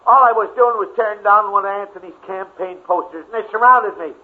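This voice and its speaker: A man's voice: sits high, fairly quick, lightly acted. A man playing a blustering, scheming middle-aged uncle in 1940s radio acting style. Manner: blustering, boastful. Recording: tinny old radio broadcast.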